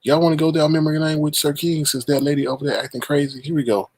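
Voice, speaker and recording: A man's voice: a little high, level tone, quick pace, husky. A man hosting a livestream, ranting and scolding in sassy, slangy commentary. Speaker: livestream host.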